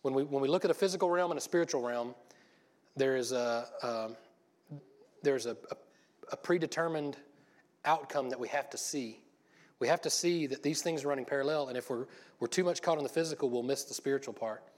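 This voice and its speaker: A man's voice: mid-range voice, fairly quick. A man giving an informal church sermon, folksy and rambling, with joking asides to the congregation. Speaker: lay preacher.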